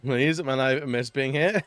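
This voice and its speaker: A man's voice: on the high side, fairly bright tone, no echo. A man streaming live, chatting casually, joking, laughing often and rambling between stories.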